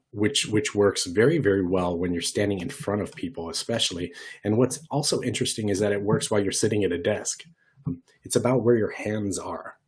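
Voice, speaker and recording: Leading an online workshop, a presenter with a low, husky male voice keeps things lively and conversational, posing questions to his audience and shifting his voice about to illustrate what he means.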